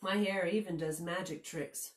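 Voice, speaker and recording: A woman librarian reading a picture book aloud to children, expressive and storytelling, with chatty asides. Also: fairly low pitch, moderate pace, slight background noise.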